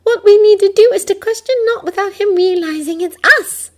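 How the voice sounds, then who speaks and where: A woman's voice: very high-pitched, brisk, darkish tone, pitched above the performer's own voice. A woman voicing an earnest, bossy schoolgirl witch who explains and insists. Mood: eager. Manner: insistent, eager, lecturing. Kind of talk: fan audiobook character voice.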